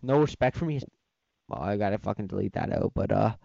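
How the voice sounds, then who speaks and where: A man's voice: lowish voice, fast talker, vocal fry, dark tone, dry recording. Profane man ranting, lo-fi. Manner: profane, heated, rambling. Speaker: podcast host. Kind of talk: casual podcast rant.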